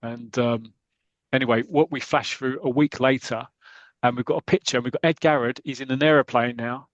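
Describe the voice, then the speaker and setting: A podcast host casually retells an old football comic panel by panel. He rambles and gets animated, in an ordinary mid voice with a close, dry sound. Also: medium pitch, a little fast, no room sound, muffled recording.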